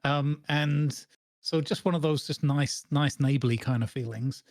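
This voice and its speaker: A man's voice: on the high side, measured pace, darkish tone, no echo, studio quality. A man, co-hosting a casual chat and telling a long, rambling story full of restarts and fillers. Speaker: podcast co-host.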